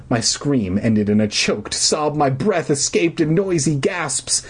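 A man's voice: a little high, big pitch swings, slow, few pauses, slightly rough. A man reading a horror book aloud for laughs, breaking off into snarky, profane asides. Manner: snarky asides, swearing, mock drama. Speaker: comedic reader.

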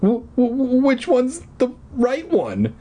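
Shrill scared little boy, as a man puts him on. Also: wildly swooping pitch, measured pace, darkish tone, breathy edge, full character voice. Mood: pleading. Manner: whiny, pleading, demanding.

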